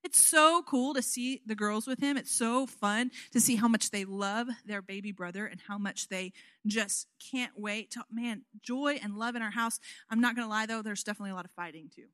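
A woman in her thirties delivers a sermon built on warm-hearted stories about her children. Her voice is bright and pitched a touch high. She talks in a chatty, animated way, often turning to the listeners with "you know what?" The sound is close and dry. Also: normal speed, clean tone, no room sound. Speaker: guest preacher.

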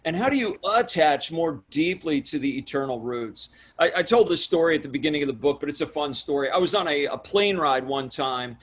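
Husky, high-voiced man preaching. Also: expressive, brisk, few pauses. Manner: emphatic, storytelling, builds to shouts when retelling. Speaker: pastor and author guest. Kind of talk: conversational interview, preaching tone.

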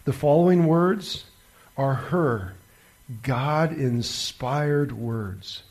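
Slow gravelly preacher man. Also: mid-range voice, darkish tone. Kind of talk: sermon storytelling.

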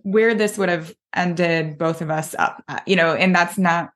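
Woman podcast host, a coach, encouraging and upbeat, lowish voice. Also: unhurried. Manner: encouraging, enthusiastic, affirming. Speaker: host, mental performance coach. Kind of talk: podcast interview.

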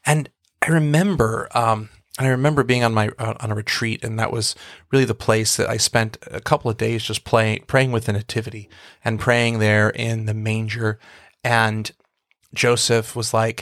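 A man's voice: on the low side, flat delivery, normal speed, a bit bright, no room sound, clean studio sound. A man, a priest co-hosting a faith podcast, telling a prayer story in a reflective, storytelling way with frequent restarts. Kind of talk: casual faith podcast conversation.

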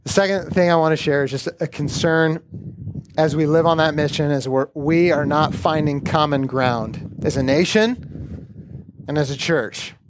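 A man's voice: fairly high pitch, measured pace, noisy background. A middle-aged male pastor preaching and praying in an earnest, conversational way. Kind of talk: sermon with prayer.

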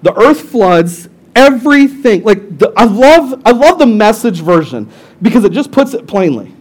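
A young male lead pastor with a notably high-pitched voice gives an animated, casual sermon full of jokes. He tells the story in lively bursts, drifting into quick side remarks.

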